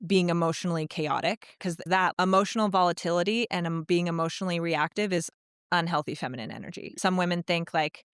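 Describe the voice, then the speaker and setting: A woman's voice: on the low side, fairly quick, clean tone, no room sound, studio quality. A woman speaking as a guest in a casual podcast conversation, explaining ideas in an earnest, coaching way.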